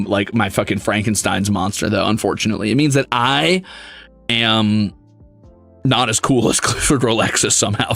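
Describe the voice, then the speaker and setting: A young man streaming casually, reading chat messages aloud, excitable and swearing freely. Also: lowish voice, brisk, creaky, faint music behind.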